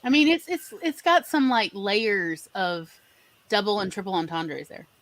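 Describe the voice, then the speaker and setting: A woman hosting a casual live-stream chat, bubbly and exclamatory and quick to laugh. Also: medium pitch, fairly bright tone. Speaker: podcast host.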